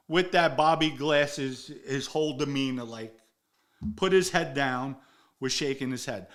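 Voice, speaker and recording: A man's voice: medium pitch, moderate pace. A man telling a story casually, acting out the dialogue and swearing freely. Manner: animated, acts out quoted dialogue, swears freely. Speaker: storyteller guest.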